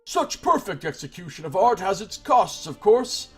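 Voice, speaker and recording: Man doing a zealous woman master smith for a game read-through: husky, raised and lively, declaiming with faint music behind. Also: high voice, normal speed, voice pushed up, exaggerated voice. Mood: earnest. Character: proud female master blacksmith, zealous.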